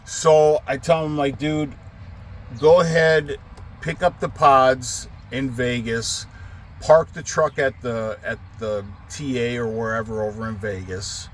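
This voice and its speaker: A middle-aged man rambles through a trucking story in a casual monologue, cursing freely. His voice sits at an ordinary pitch for a man, and he grows heated and loud as he retells it. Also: fairly even intonation, slow, slight background noise. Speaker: trucking company owner.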